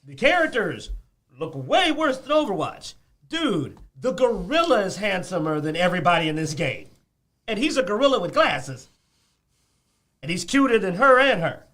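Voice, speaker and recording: A man co-hosting a casual chat show about games, ranting in an animated way and laughing often. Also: high-pitched. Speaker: podcast co-host.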